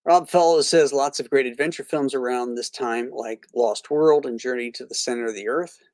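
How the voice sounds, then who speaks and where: A man's voice: medium pitch, normal speed, a little mellow, no echo. A man from Florida hosting a casual live stream, rambling with many fillers and restarts, blunt about what he dislikes. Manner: blunt and opinionated. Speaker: host of a live movie stream; reads viewer comments aloud.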